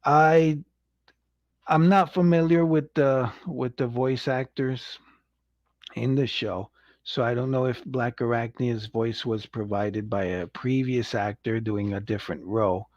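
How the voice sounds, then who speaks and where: A man's voice: medium pitch, fairly even intonation, unhurried, a little mellow, dry recording. A man hosting a casual livestream review. He rambles, chuckles often and acts out quotes. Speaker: show host reviewing an animated series. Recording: dull lo-fi, dry sound.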